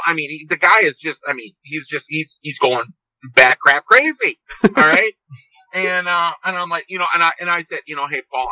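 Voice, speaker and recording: Here a man in his fifties, owner of a seed company, tells meandering stories as a phone-in podcast guest, circling back and restarting phrases in casual conversation. The fairly high voice has a sharp tone. The dull, dry phone audio has no echo.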